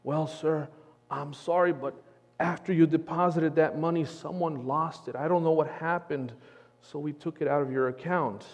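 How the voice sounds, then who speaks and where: A man's voice: a little high, steady tone, moderate pace, close to an everyday voice. A man voicing a flustered male bank manager, apologetic and eager to please. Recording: long church hall reverb.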